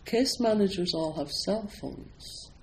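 A Scottish man with a slightly raised voice speaks as a meditation teacher to a live audience. His manner is relaxed and self-deprecating, and he fills his talk with ums and you-knows. A faint hum of room noise sits behind him. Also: high-pitched, takes it slowly, rough recording. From Scotland. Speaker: Zen meditation teacher, priest.

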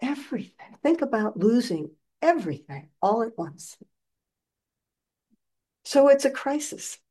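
A woman giving a dharma talk as a meditation teacher, telling a story in an animated, gentle and reflective way. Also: fairly high pitch, measured pace, breathy edge.

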